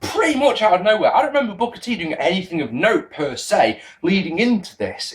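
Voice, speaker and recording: A young man giving a casual spoken review to camera, rambling, excitable and often breaking off mid-sentence. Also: high-pitched, a little fast, hardly any pauses. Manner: rambling, self-interrupting, excitable. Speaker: wrestling video reviewer.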